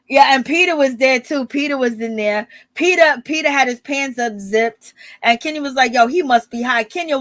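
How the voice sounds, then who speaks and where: Female streamer, chatty and animated, higher register, dry close mic. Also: dry recording. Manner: animated, greets chat viewers, acts out quotes. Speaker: reality TV commentary host. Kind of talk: casual live-stream commentary.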